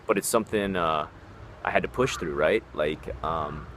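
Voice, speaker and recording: A man's voice: low voice, normal speed, a bit bright. A young man talking casually in a vlog, rambling with lots of fillers and swearing, recorded outdoors in a park. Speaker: vlogger giving tips on life abroad. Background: faint traffic and outdoor ambience.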